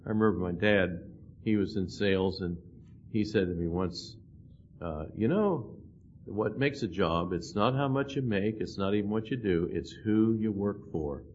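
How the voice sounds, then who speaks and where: A man's voice: on the low side, moderate pace. A man preaching a sermon, earnest, quoting scripture and building emphasis on key words. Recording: dull lo-fi sound with faint noise.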